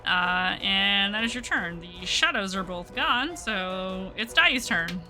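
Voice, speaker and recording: A woman's voice: mid-range voice, animated, takes it slowly, sharp tone, soft background music. A woman narrating as game master of a tabletop game, upbeat and laughing often between rulings.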